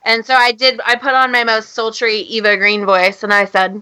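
Woman podcaster with a bright voice. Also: a little high, moderate pace, clear, resonant tone, no echo, low-quality recording. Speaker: podcast co-host. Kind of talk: casual chat.

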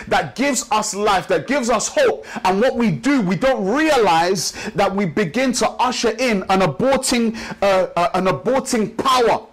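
High-voiced preacher. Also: male voice, rough recording. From Nigeria. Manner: rhythmic preaching with repeated phrases, slows for emphasis. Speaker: pastor. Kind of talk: sermon. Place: church service.

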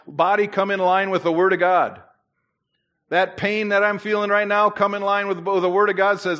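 A male pastor delivering an emphatic sermon in a church, speaking in a fairly high register. He talks in a conversational way, full of asides and restarts, then rises in pitch and volume to drive his points home. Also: steady tone, normal speed, fairly bright tone.

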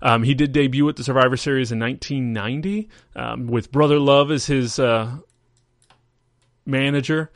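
Brief: male podcast host, mid-pitched, chatty and loose, close and dry. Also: fairly even intonation, normal speed, no room sound. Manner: rambling, filler-heavy storytelling. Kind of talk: casual chat.

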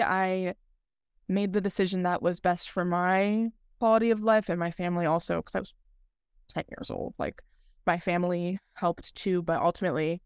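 A woman's voice: lowish voice, clear, resonant tone, no room sound, clean studio sound. A young woman co-hosting a podcast, telling her story in casual chat with lots of filler words and a laugh here and there. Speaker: podcast co-host.

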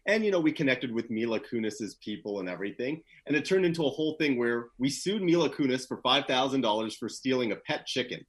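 A man with a husky, slightly breathy voice, chatting as a guest in a relaxed interview. He talks loosely with plenty of fillers and grows more animated as his stories build. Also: medium pitch, fast, few pauses. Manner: laid-back, animated when telling stories, many "you know" fillers. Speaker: guest, PR professional. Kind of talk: casual interview storytelling.

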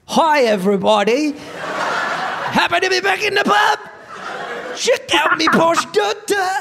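An American man putting on a loud, clumsy Cockney accent as a boastful pub-going dad. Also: animated, slow, vocal fry, a crowd in the background, background noise, exaggerated voice. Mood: boisterous. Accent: attempted Cockney. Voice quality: shouted, high-pitched, clumsy accent.

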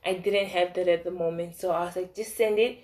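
A young woman telling a casual storytime about her crushes, animated, swinging between loud outbursts and soft asides. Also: on the low side, brisk. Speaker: vlogger.

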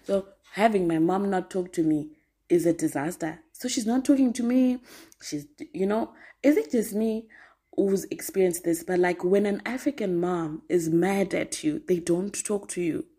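A woman in her twenties telling a story as a podcast host, animated and slangy, laughing often. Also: lowish voice, moderate pace, breathy edge. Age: 20s. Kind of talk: casual storytelling monologue.

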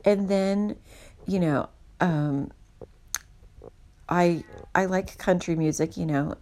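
A woman's voice: on the low side, slow, pauses often, darkish tone. A woman hosting her own podcast, talking in a candid, rambling and self-deprecating way as a casual monologue. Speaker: podcast host.

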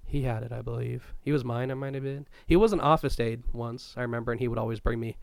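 A man's voice: medium pitch, steady tone, quick pace, creaky, clean tone, no room sound. A young man co-hosting a podcast, talking loosely in a rambling way and swearing often. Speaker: podcast co-host. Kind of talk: casual chat.

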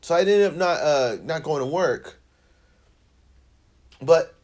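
A man's voice: a little high, animated, slow, pauses often, a little mellow. A young man from Northern California's Central Valley, hosting a podcast and telling a rambling, profane story in casual chat. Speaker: podcast host.

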